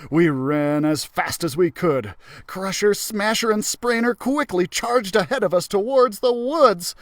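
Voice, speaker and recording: A man who works as a librarian, reading a children's story aloud in an expressive, animated way. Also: high voice, unhurried, no room sound, studio quality.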